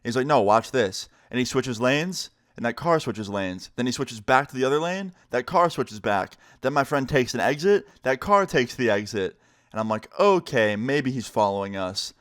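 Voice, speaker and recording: A man's voice: mid-range voice, normal speed, dry recording, studio quality. A young man from New York telling a personal story casually on camera, full of slang and quoted dialogue. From United States, New York. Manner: relaxed, slangy, acts out quotes in his own voice.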